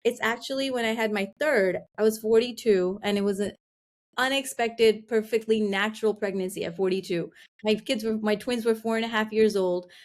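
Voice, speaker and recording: A slightly high voice at normal speed belongs to a middle-aged woman on a podcast. She's frank and thoughtful in the laid-back interview, often using "like" and dramatizing her past thinking.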